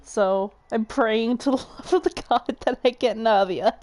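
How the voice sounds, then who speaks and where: Young female streamer, slightly high voice, unhurried and chatty, swears casually. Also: darkish tone. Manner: chatty, giggly, swears freely. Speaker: game streamer. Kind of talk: casual live-stream chat.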